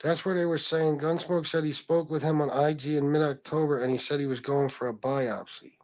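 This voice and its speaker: A man's voice: on the high side, steady tone, brisk, darkish tone, no echo. A man hosting a casual livestream, reading chat comments aloud, blunt and profane, calling viewers bro. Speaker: livestream host.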